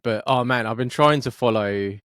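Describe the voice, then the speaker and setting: A man's voice: mid-range voice, moderate pace, smooth, no room sound. Sweary Scottish man, dry close sound. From Scotland, Fife. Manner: sweary, animated anecdotes with acted-out dialogue. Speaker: podcast co-host. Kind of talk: casual chat.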